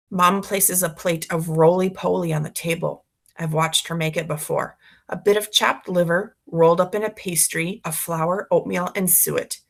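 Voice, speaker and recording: A woman's voice: fairly low pitch, moderate pace, creaky. A woman reading a children's story aloud expressively, narrating as a boy. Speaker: reader for schoolchildren.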